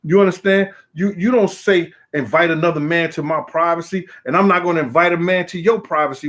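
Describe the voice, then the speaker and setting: A man hosting a casual live-stream, greeting viewers by name in street slang, emphatic and repetitive. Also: high-pitched. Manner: emphatic, repeats himself. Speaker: show host.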